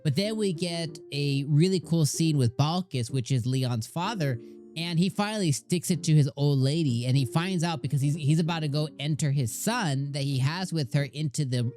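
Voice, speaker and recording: Excitable man gushing over anime. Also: a little high. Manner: excitable, gushing fan talk with rambling restarts. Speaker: anime reviewer and channel host. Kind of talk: casual anime reaction commentary.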